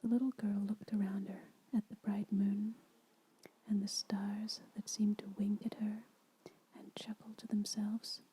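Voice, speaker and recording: A woman whispering a children's story aloud as an ASMR storyteller, soft and unhurried. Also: mid-range voice, husky, rough recording.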